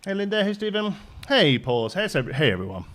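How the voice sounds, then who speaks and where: A man's voice: high voice, big pitch swings, fast talker, a bit bright, a little hiss or hum. A man hosting a casual live stream, greeting viewers by name and rambling with ums while out of breath.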